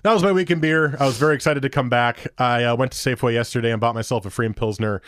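A man in a casual podcast chat, rambling through stories and slipping into the voices of people he quotes. His voice sits at an ordinary pitch. The sound is close and dry, with no room around it. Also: fast talker, no room sound. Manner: rambling, storytelling, acts out quoted dialogue. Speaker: podcast co-host. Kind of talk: casual chat about beer.

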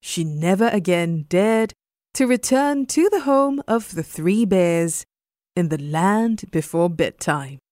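A young adult woman storyteller giving a slow, expressive bedtime story narration. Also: on the low side.

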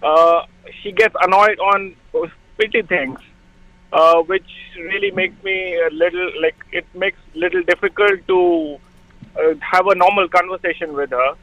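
A man calls in to a radio show with a high, bright, forceful voice. He speaks hesitantly, pausing often on "uh". The sound is dry. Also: fairly even intonation, dry recording, low-quality recording. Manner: hesitant, many "uh"s. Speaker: caller. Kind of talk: call-in phone chat.

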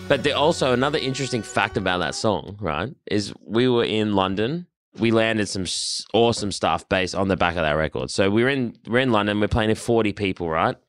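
A man in his thirties tells band stories in a casual, animated rush. He swears freely and often restarts his sentences. The mic sound is dry and close. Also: on the low side, brisk, few pauses, no echo, soft background music. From Australia. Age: 30s. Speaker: band member, guest. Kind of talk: casual storytelling.

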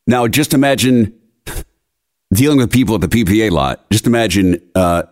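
Here a young adult from the Philadelphia area, hosting his podcast, rants with exasperation through a story in casual talk. His fairly low voice has lively intonation and a moderate pace.

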